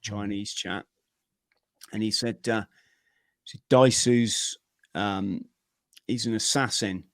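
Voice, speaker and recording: A middle-aged man, a podcast guest, telling his own story in a vivid, energetic way with plenty of slang. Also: on the low side, no room sound, clean studio sound. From Britain. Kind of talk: personal storytelling in an interview.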